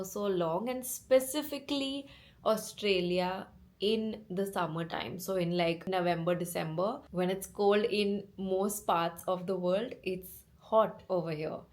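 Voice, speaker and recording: A woman's voice: medium pitch, darkish tone. A young woman from India vlogging casually from a hotel room, chatty and gushing, talking through a cold and sore throat. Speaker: travel vlogger. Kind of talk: casual travel vlog.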